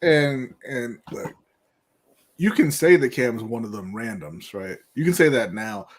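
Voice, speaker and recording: A man's voice: mid-range voice, animated, a little slow. A man co-hosting a casual sports podcast, blunt and emphatic as he rants his opinions. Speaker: podcast co-host.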